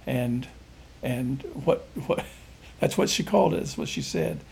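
A man in an interview, explaining folk music in a halting, rambling way and often restarting his sentences. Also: mid-range voice, vocal fry, darkish tone, husky. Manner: halting, rambling, searches for words with many restarts.

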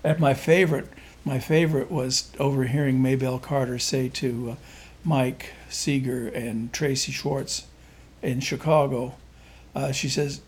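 A man in an interview, explaining folk music in a halting, rambling way and often restarting his sentences. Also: medium pitch, steady tone, breathy edge. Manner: halting, rambling, searches for words with many restarts.

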